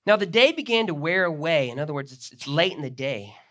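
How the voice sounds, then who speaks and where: Guy preaching a sermon, bright punchy voice, retells the bible story like he's there. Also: fairly high pitch, lively intonation, brisk. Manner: expository preaching with dramatic retellings of the text. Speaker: pastor.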